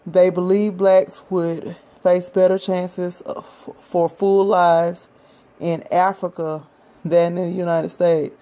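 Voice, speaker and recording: Low, mellow-voiced woman vlogger. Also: flat delivery, slow pace, rough recording. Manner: earnest, speaks directly to viewers, tired. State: out of breath. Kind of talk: reading a history text, then casual talk to viewers.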